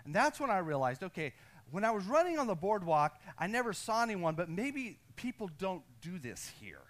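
A man's voice: high-pitched, normal speed. An American man preaching as a pastor, telling a personal story with restless energy and calling on the congregation to answer. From United States. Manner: energetic, restless, self-deprecating, calls on the congregation. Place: church sanctuary.

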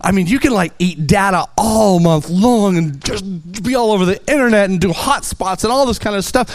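A man preaching a sermon, animated and playful, telling everyday stories with lively asides. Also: high voice, moderate pace, few pauses. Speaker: pastor.

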